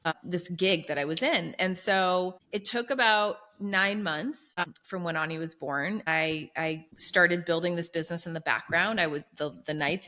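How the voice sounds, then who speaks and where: A woman in her thirties speaks as a guest in an interview, sharing her story earnestly and with animation. Her voice sits a little low but sounds bright and forceful. She leans on fillers like "you know" and "like" as the thoughts pour out. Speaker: guest, business coach.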